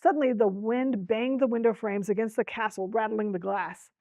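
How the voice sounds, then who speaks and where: A woman's voice: on the high side, steady tone, moderate pace, dark tone, no room sound, rough recording. A woman presenting a book talk, reading a storybook aloud with expression and speaking directly to her listeners. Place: library talk.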